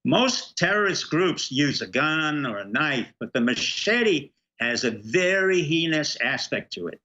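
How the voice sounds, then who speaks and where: Emphatic middle-aged man, bright tense voice. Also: a little high, very animated, measured pace, muffled recording. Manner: emphatic, fires rhetorical questions. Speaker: guest commentator. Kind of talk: political talk show interview.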